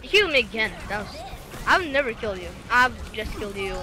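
A woman's voice: a little high, lively intonation, fast talker. A young woman chatting playfully while gaming with a friend, giggling and tripping over her words. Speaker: gamer playing with a friend. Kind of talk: casual gaming chat with silly skits.

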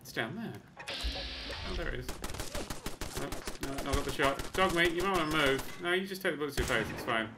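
A man casually commentating on his own gameplay, chatty and excitable, with sudden yelps and mock-boastful asides. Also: on the high side, brisk, over music. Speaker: let's play host.

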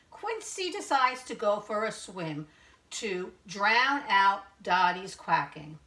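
A woman preschool teacher reading a picture book aloud to young children in slow, sing-song teacher talk, asking them questions. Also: mid-range voice, sing-song, sharp tone.

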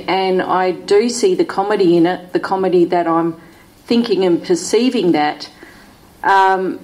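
A woman in the audience of a spiritual retreat asks a long, searching question. She speaks in a lowish voice, hesitating often and filling gaps with soft ums. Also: rough recording. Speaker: retreat participant.

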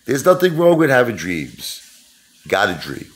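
A man's voice: medium pitch, wildly swooping pitch, normal speed, fairly bright tone, slightly rough. A middle-aged man hosting his own channel, telling rambling stories in a joking, self-mocking way. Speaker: YouTube host. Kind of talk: casual rambling vlog talk.

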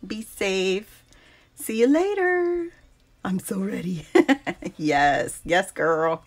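A woman's voice: medium pitch, animated, extremely slow. Breathless chatty woman greeting viewers. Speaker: crafting livestream host. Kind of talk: casual live chat. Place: home craft workbench. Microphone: phone on a mount.

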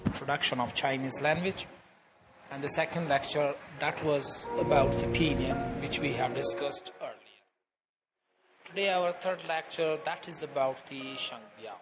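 A man teaching a recorded language lecture, explaining step by step in a deliberate, repetitive way with many pauses. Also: mid-range voice. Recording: dull lo-fi audio with loud music.

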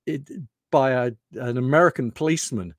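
A man's voice: medium pitch, moderate pace, no room sound, studio quality. A middle-aged British man from the UK giving a rambling, anecdotal lunchtime talk. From United Kingdom. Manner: rambling, anecdotal, loose restarts. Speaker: presenter.

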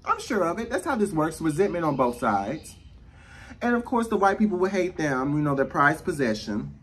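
A man's voice: fairly high pitch, very animated, moderate pace, breathy edge. A man with an American accent delivering a profane, sassy rant to camera, slipping into mocking voices. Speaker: vlogger. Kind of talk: ranting monologue.

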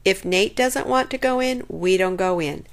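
Woman reading a sensible boy, calm, reasonable, storybook. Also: medium pitch, normal speed, gravelly, lightly acted. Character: sensible young boy, loyal.

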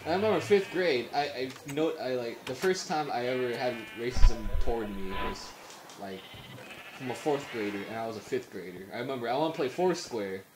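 Lively, swearing young gamer guy. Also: mid-range voice, brisk. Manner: rambling, swears a lot, laughs often. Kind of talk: casual chat while gaming. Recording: echoey room with noise.

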